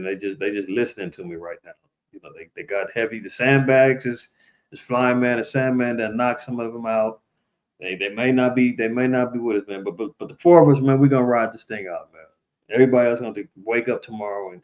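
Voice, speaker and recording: Man talking loosely to his stream viewers. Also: dull audio. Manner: loose and conversational, addresses viewers directly, mimics people in higher voices. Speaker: livestream host. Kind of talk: casual livestream commentary.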